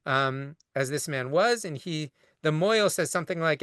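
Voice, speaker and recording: A man's voice: a little high, normal speed, fairly bright tone, smooth, dry recording, studio quality. A man, a rabbi, giving a conversational lecture over a video call, long-winded and full of restarts. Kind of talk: conversational lecture answering a question.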